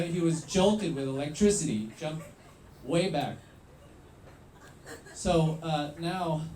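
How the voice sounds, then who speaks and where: A man telling a true story live, in an animated, wry way with pauses for effect. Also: a little high, roomy sound, a little hiss or hum.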